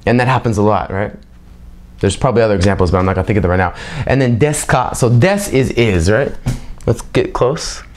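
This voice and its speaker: A man's voice: mid-range voice, a little mellow. A young man giving an unscripted, casual language lesson, rambling loosely with self-mocking jokes and constantly checking in with "right?". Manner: keeps checking in with a tag "right?". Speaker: language teacher.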